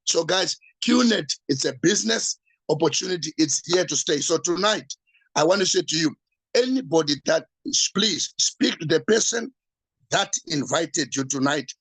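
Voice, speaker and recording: A man, a pastor, giving an urgent, repetitive sales pitch at an evening meeting. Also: expressive, moderate pace, fairly bright tone, husky, no room sound, rough recording. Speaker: pastor promoting a business.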